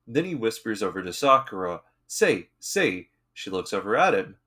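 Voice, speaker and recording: Brief: young man, lowish voice, casual cartoon recap narrator with dry asides. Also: sing-song, fairly quick, sharp tone. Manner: plain play-by-play retelling with wry asides.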